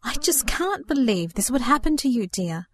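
A woman's voice: on the high side, lively intonation, moderate pace, natural voice. A woman reading as a tearful fretting aunt. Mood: distressed. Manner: tearful, exclaiming. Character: fretful tearful middle-aged aunt.

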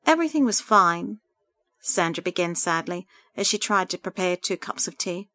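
A woman's voice: on the low side, flat delivery, normal speed, a bit bright, no room sound. Woman reading a story in a dry room. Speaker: narrator.

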